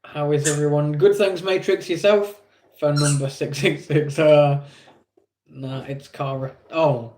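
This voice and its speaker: A man's voice: a little high, fairly even intonation, a little slow, darkish tone, slight background noise. A man with an English accent streaming live, chatting casually with viewers in a rambling, self-deprecating way.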